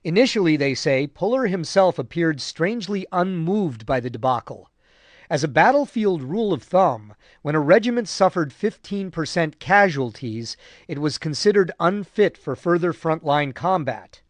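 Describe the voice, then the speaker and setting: A man narrating a war history audiobook in a measured, grave way. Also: on the high side, animated, no echo. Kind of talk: scripted narration.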